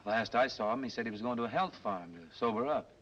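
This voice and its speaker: A man's voice: medium pitch, expressive, fast talker, fairly bright tone, lightly acted. A man playing a breezy joking cabbie crooner. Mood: helpful. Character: easygoing young male cab driver and crooner. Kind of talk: 1930s film dialogue. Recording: dull old film soundtrack with hiss.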